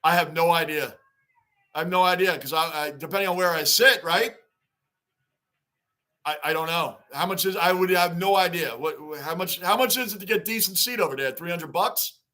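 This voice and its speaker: A man's voice: high-pitched, normal speed, sharp tone. A man hosting a casual sports livestream, chatting loosely, greeting viewers by name and repeating his points. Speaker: livestream host reading fan chat.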